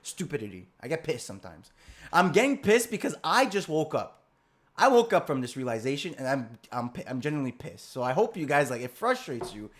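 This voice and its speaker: A young man coaching on a live call, ranting heatedly with lots of swearing, restarts and rhetorical questions. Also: medium pitch. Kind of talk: profane live-call rant.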